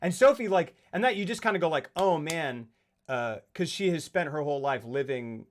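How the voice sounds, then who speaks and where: A man co-hosting a casual film discussion, animated and acting out quotes in put-on voices. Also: a little high, fairly quick, slight background noise. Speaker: podcast co-host.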